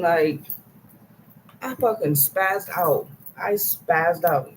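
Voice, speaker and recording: A woman's voice: lowish voice, lively intonation, slow pace, pauses often, a little hiss or hum, low-quality recording. Woman vlogger, casual chat to camera, profane and rambling, unfiltered.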